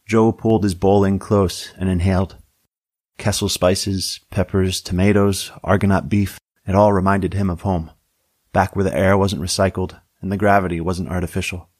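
A man's voice: low voice, little pitch movement, normal speed, a little mellow, dry recording. A man narrating a story in a dry, wry storytelling manner.

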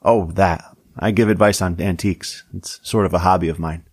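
A weary middle-aged sheriff with a gruff, sardonic, clipped way of talking, as a man acts him out. The voice is deep and dry, close to the mic. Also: steady tone, moderate pace, dry recording. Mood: grumpy.

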